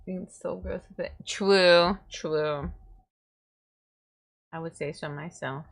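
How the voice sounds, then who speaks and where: A woman's voice: on the low side, fairly even intonation, slow, gravelly. A woman chatting casually on a livestream as a VTuber, giggling and rambling playfully to herself and her viewers. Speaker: VTuber streamer.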